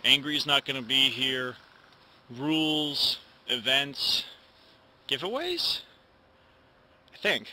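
Taking it slowly with a steady tone, the young host's mid-range voice comes across pushed and bright. He's at home talking casually to camera, rambling and sometimes mumbling, with many false starts and retakes.

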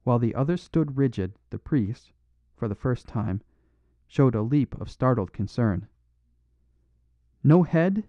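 A man narrating a classic mystery in a measured, steady way. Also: medium pitch, no echo. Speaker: audiobook narrator. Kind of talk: scripted audiobook narration. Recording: dull dry studio recording.

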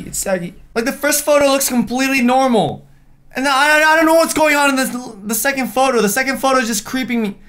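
A man's voice: very high-pitched, a bit bright. A young man hosting a reaction video, chatting casually and joking, now and then putting on mocking voices for the people in the photos.

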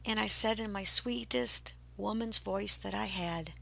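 A woman hosts a podcast and tells a personal spiritual story. Her voice is gravelly yet bright, and she speaks slowly and softly, often slipping into a breathy whisper. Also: medium pitch. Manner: slow, hushed, often drops to a breathy whisper. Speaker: podcast host.

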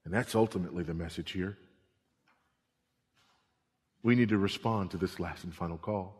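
A middle-aged male pastor preaching a sermon, swinging between emphatic repeated warnings and hushed, low passages. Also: moderate pace. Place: church sanctuary. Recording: long reverb of a church hall.

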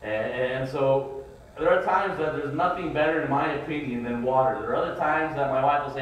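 Preaching in a church sanctuary, a middle-aged pastor with a mid-range voice speaks briskly, spinning folksy family tales and mimicking his kids' whining. The recording is muffled, with slight background noise, captured by a distant mic in an echoey room.

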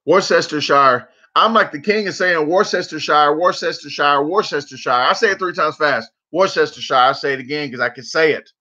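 A man's voice: a little high, brisk, hardly any pauses, sharp tone, muffled recording. A man hosting a casual livestream, rambling and joking, repeating words for laughs. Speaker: livestream host.

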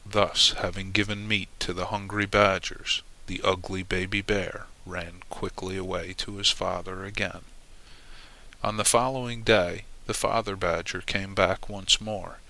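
A man narrating a legend in a measured, dramatic storybook reading. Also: sits low, little pitch movement, bright, forceful tone, rough recording.

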